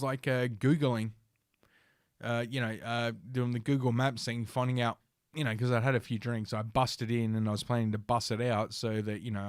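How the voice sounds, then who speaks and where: A man from South Australia with an Australian accent and a mid-range voice hosts a podcast livestream, telling a meandering, profane story with lots of fillers and restarts. The recording is dry and studio quality.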